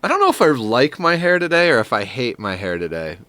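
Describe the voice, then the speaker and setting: Bright, clear-voiced streamer rambling thoughtfully. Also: male voice, mid-range voice, very animated, fairly quick, no echo. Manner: rambling, reflective, many filler "like"s; cooing baby talk to a pet. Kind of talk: casual gameplay stream chat.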